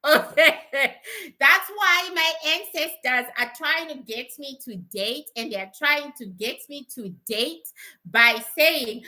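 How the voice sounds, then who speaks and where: A woman's voice: high voice, takes it slowly, pushed and bright. A middle-aged woman, chatting casually as a spiritual teacher, blunt and profane and laughing often. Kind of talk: casual livestream chat.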